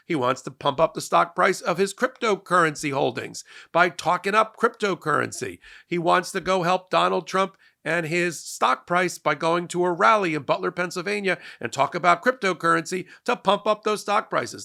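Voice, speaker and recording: A man's voice: high-pitched, creaky, sharp tone. Sarcastic man hosting political commentary. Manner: sarcastic, repeats words when starting sentences. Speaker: legal commentary host.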